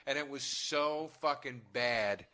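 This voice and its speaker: A man's voice: medium pitch, slow, pushed and bright. A man, a comedian co-hosting a casual chat, telling profane stories and acting out other people. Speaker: comedian co-host.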